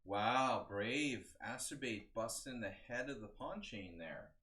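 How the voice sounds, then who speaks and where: A chess coach in his forties live-streams a casual, rambling breakdown of games while chatting with his viewers. He has a medium-pitched, slightly bright voice, speaks with animation, and keeps a moderate pace.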